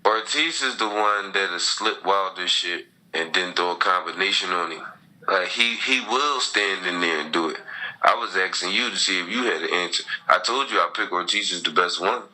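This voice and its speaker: A man's voice: low-pitched, normal speed, pushed and bright, low-quality recording. A man, a boxing coach, guesting on a podcast and talking boxing in a casual, slangy, emphatic way.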